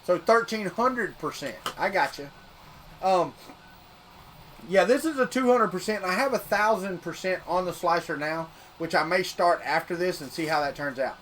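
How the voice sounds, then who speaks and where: A man's voice: sits high, normal speed, fairly bright tone, a little hiss or hum. A man from Florida with a Southern accent, chatting casually on a 3D printing livestream and repeating himself as he works. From Florida, United States. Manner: rambling, repeats words while working. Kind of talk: casual live-stream chat.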